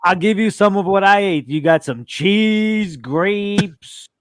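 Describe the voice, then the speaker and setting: A man's voice: sits high, slow, clean tone, dry recording, clean studio sound. A man in a casual chat, playful and joking. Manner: playful, boasting about food.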